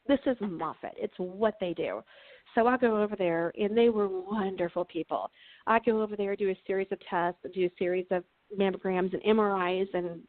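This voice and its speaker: A woman's voice: medium pitch, no room sound. A woman from Texas, a guest author, telling funny personal stories in a casual chat and laughing often. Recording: tinny phone-like line, dry.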